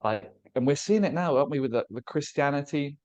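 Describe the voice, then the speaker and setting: A man's voice: a little high, lively intonation, fairly quick, a little mellow. A man co-hosting a casual spiritual podcast discussion, musing in a loose, philosophical way and laughing easily. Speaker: podcast co-host.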